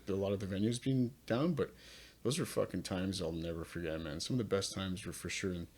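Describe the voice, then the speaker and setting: A man's voice: low-pitched, a little fast, a little mellow. A man from Northern Ontario, a metal singer guesting on a podcast, talking in a laid-back, casual way, swearing freely and chuckling often. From Northern Ontario, Canada. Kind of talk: casual conversational interview.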